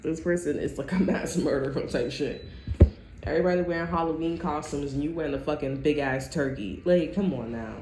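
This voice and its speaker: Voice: medium pitch, a little fast, a little mellow. Profane, rambling tarot reader in an echoey room. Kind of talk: casual tarot reading. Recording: roomy echo, faint background noise.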